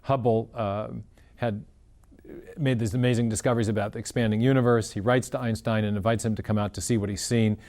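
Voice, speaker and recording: A man's voice: fairly low pitch, steady tone, a little fast, darkish tone. A man answering as an interview guest, explaining in an earnest, methodical way and often restarting his sentences. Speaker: guest scientist.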